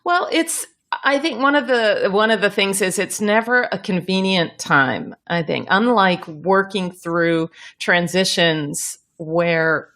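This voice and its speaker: A woman's voice: medium pitch, animated, slow, a bit bright. A middle-aged woman hosting a podcast, talking in a reflective, casual way with easy laughs. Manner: reflective, laughs easily, talks in restarts. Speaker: podcast host.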